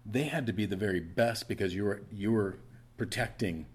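A man's voice: on the low side, normal speed, slightly rough. A middle-aged male pastor preaching a sermon in a conversational way, often restarting his phrases.

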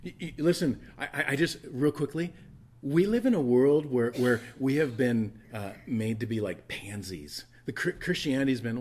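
A male pastor delivering a sermon in a church, telling a Bible story with animated asides and quick character voices. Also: medium pitch, breathy edge.

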